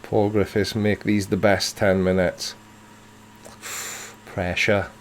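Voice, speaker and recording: A man's voice: on the low side, little pitch movement, a little slow, slight background noise. A man in his forties from South Wales with a Welsh accent, hosting a live stream and answering chat in a dry, self-mocking, playful way. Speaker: livestream host reading chat.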